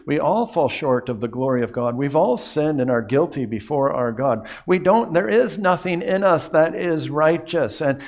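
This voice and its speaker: An earnest male pastor delivering a sermon in a mid-pitched voice. He often sinks into a quiet, hushed delivery on key phrases and repeats words as he reaches for the next thought.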